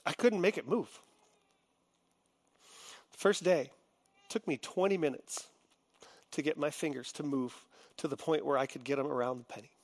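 A middle-aged man preaching a sermon, heartfelt, moving between quiet confiding and loud, impassioned venting. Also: on the high side, normal speed, long pauses. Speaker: pastor.

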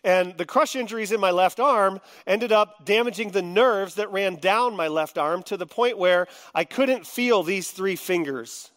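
A middle-aged man preaching a sermon, heartfelt, moving between quiet confiding and loud, impassioned venting. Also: high-pitched, unhurried, hardly any pauses. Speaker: pastor.

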